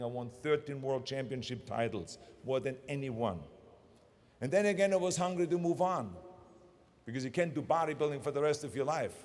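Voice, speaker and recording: A man's voice: a little high, darkish tone. Emphatic German-accented man, echoing hall. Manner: emphatic, punchy short phrases. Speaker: commencement speaker. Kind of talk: motivational commencement speech.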